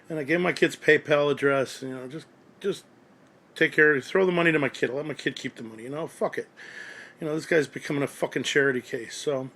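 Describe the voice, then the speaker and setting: A man's voice: fairly high pitch, fast, fairly bright tone. A man ranting angrily and at length, profane and rambling, about someone who cheated him. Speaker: radio collector ranting to forum. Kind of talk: angry monologue.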